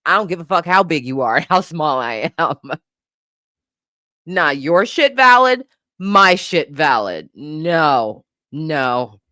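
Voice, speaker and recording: A woman co-hosting a podcast, ranting in a profane, animated way and laughing often. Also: sits low, slow, no room sound, studio quality. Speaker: podcast co-host. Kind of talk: casual comedic commentary.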